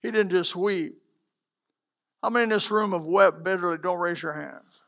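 A male preacher giving a sermon to a congregation, swinging from loud declarations to hushed asides. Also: high-pitched, normal speed, gravelly. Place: church hall with a congregation.

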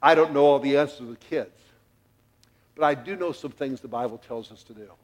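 A man's voice: medium pitch, brisk. A middle-aged man preaching a sermon in a church, telling a family story with jokes and acting out the quotes. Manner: animated, jokey, acts out quotes. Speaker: pastor.

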